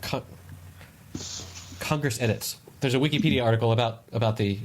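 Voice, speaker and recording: A man's voice: mid-range voice, brisk, slight background noise. A man co-hosting a podcast in casual chat, giving meandering explanations with many restarts. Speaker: podcast co-host.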